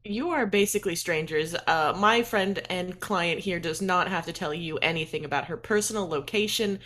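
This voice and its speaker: A woman's voice: lowish voice, moderate pace, fairly bright tone. Woman roleplaying in an officious tone. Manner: formal, officious. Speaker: player. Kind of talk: in-character tabletop roleplay.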